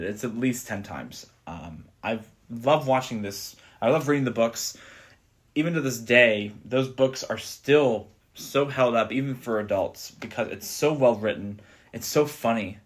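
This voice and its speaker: A man co-hosting a casual movie podcast, earnest and enthusiastic, often restarting his sentences. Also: medium pitch. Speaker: podcast co-host.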